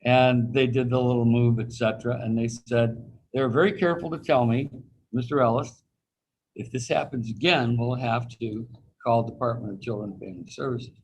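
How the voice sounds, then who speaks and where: Medium-pitched and darkish, with a steady tone and moderate pace, a man delivers a casual anatomy lecture by video call. He's folksy, tells anecdotes, and acts out quoted voices; the recording is rough with slight background noise.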